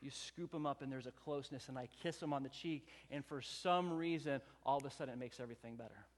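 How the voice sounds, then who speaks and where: A man's voice: medium pitch, quick pace, in a large hall. A pastor in his thirties preaching a sermon, telling stories earnestly and building emphasis through repeated phrases. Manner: earnest storytelling, rising emphatic repetition.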